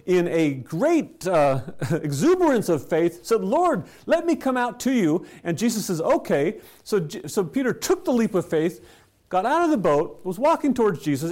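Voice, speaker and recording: A man preaching a sermon, telling stories with rhetorical questions and soft chuckles. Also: high-pitched. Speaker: pastor.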